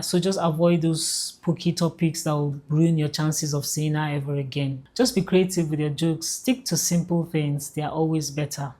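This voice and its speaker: Low-voiced woman giving advice. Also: darkish tone. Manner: direct, conversational, addresses viewers as you. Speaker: dating advice vlogger. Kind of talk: casual advice talk to camera.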